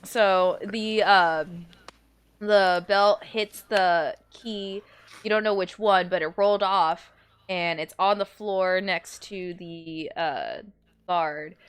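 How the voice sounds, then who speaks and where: A woman narrating as game master for a tabletop role-playing game, casual and quick to laugh. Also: fairly low pitch, fairly even intonation, smooth, no echo.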